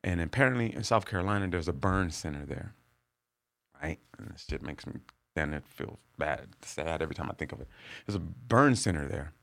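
A man with a deep, low voice tells a story as a podcast guest. He is a comedian who swears freely and acts out the other people in his tale. The sound is close and dry, with no room around it. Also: fairly quick, gravelly, dry recording. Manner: profane, animated storyteller acting out other people's lines.

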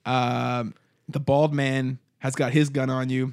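A man's voice: medium pitch, level tone, slow, creaky, clean tone, no echo, clean studio sound. A man narrating as game master of a tabletop role-playing game, casual and rambling with many fillers.

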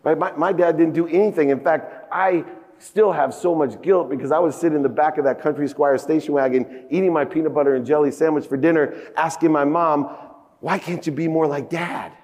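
A man in his fifties giving a motivational keynote speech on a conference stage, telling a personal story with big emotional swings in pitch and loudness. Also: fairly even intonation, a little fast. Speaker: keynote speaker. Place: large conference hall stage. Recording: echoey conference hall.

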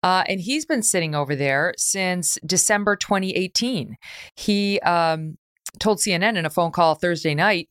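A woman's voice: fairly low pitch, normal speed, fairly bright tone, clear, resonant tone, dry recording, studio quality. A woman hosting a political talk show, blunt and conversational as she questions her guest.

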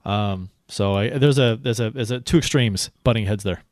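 A man's voice: lowish voice, moderate pace, a little mellow, no echo, studio quality. A man co-hosting a hockey podcast in casual chat, talking in a loose, rambling way. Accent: St. Louis. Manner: rambling, many fillers and restarts. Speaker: podcast co-host.

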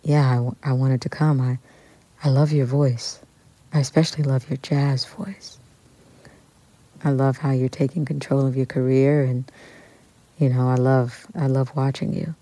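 A woman quoting a soft-spoken famous male musician. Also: mid-range voice, little pitch movement, measured pace, long pauses, no room sound, natural voice, low-quality recording. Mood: gentle. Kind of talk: quoted phone call in a story.

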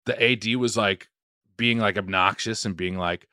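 A man hosting a podcast, telling an animated story in casual chat and swearing freely. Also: lowish voice, a little fast, clean tone, dry recording, clean studio sound. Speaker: podcast host.

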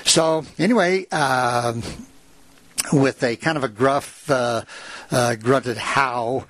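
A man's voice: medium pitch, slow pace, a bit bright, dry recording. A man retelling a written history aloud to a listener, reading passages and adding casual asides with fillers. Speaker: storyteller.

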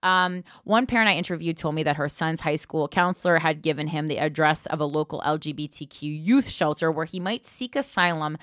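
A woman's voice: deep voice, a little fast, hardly any pauses, a bit bright, no room sound. A woman podcast host reading a news article aloud and breaking off for blunt, profane asides, on a close mic. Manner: blunt, profane asides between read passages.

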